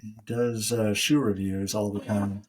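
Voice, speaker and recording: A man's voice: fairly low pitch, level tone, unhurried, soft background music, poor audio. A man co-hosting a running podcast in casual chat, jokey and easily sidetracked, often trailing off mid-sentence. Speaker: podcast co-host.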